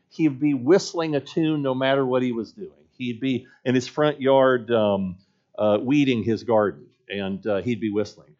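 A man's voice: mid-range voice, darkish tone, dull audio. A man preaching a sermon as a pastor, telling a story in an earnest voice and building points through repetition.

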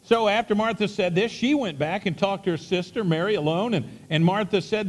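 A man's voice: high voice, a little fast, few pauses, big-room sound. A man preaching a sermon, retelling a story in a conversational way with many repeats and restarts.

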